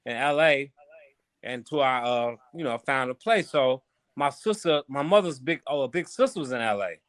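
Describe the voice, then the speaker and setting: Chicago guy on a podcast, ex boxer spinning stories, bright forceful voice, dry close sound. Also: medium pitch, moderate pace, no echo. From Chicago, USA. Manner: animated storyteller, loose slangy talk with swearing. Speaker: podcast guest, former boxer. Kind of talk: casual storytelling interview.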